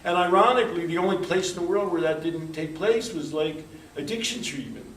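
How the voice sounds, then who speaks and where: A man's voice: a little high, brisk, a bit bright, a little hiss or hum. A man giving a conversational workshop lecture, rambling through anecdotes and acting out quoted dialogue. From United States. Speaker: workshop speaker. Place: workshop room. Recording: roomy, distant mic in a hall.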